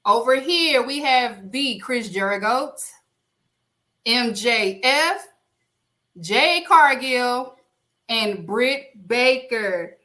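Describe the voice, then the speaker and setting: A woman hosting a casual podcast award show, announcing winners with playful, drawn-out emphasis. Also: a little high, lively intonation, bright, forceful tone. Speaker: podcast host.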